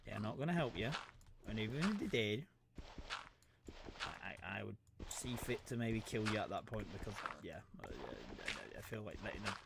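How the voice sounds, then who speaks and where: A man's voice: on the low side, sing-song, moderate pace, vocal fry, very noisy. A man giving casual gameplay commentary as a streamer, scolding game animals in a mock-stern way.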